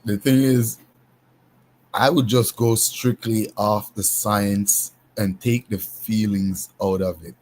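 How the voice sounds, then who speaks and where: A man hosting a casual panel discussion, talking in an unhurried, emphatic way with frequent restarts. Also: lowish voice, steady tone, darkish tone, slight background noise. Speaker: panel host.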